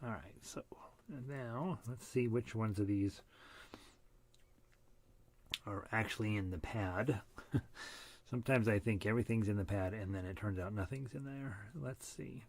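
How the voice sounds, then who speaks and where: A man's voice: fairly low pitch, measured pace, pauses often, a little mellow, a little hiss or hum. Breathless chatty harmonica teacher, man. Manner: chatty and self-deprecating, with fillers and laughs. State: short of breath. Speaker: harmonica ensemble leader. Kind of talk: casual online group lesson.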